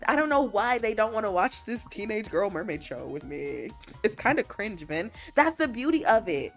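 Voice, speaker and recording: A woman's voice: mid-range voice, normal speed, faint music behind. A woman livestreamer in a casual chat, laughing often and teasing as she reads chat messages aloud and answers them. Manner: playful, teasing, animated.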